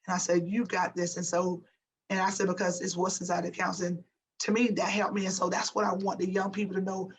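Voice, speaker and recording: A woman in her fifties, a former pro basketball player, telling motivational stories in an interview with an emphatic, animated manner and a habit of repeating herself for emphasis. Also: on the low side, fairly quick, a little hiss or hum, low-quality recording.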